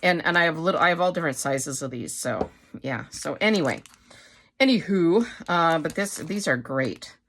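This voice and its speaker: Low-voiced, chatty woman rambling over crafts. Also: expressive, moderate pace, a bit bright, a little hiss or hum. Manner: rambling, chatty, full of fillers and self-corrections. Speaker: craft vlogger. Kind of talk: casual show-and-tell chat.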